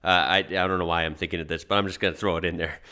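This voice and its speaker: A man's voice: sits low, fairly even intonation, very fast, bright, forceful tone. A man with a mild Chicago accent, chatting casually while reacting to a video, musing aloud with frequent restarts. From American Midwest. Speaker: reaction channel host.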